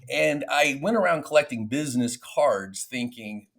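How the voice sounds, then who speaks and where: A man who is a guest on a podcast, telling stories from his own experience in a candid, animated way. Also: medium pitch, normal speed. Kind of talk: casual interview storytelling.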